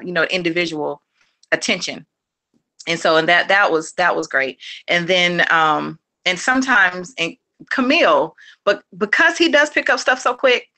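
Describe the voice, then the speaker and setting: A woman who is a homeschooling mother, talking as a guest in a relaxed interview. Her voice sits low, but her tone is bright and edgy. She rambles through fillers and false starts, laughs easily, and acts out other people's words as she tells stories. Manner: rambling and animated, full of fillers, restarts and quick laughs; acts out her kids' lines in a raised voice. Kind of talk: casual interview chat.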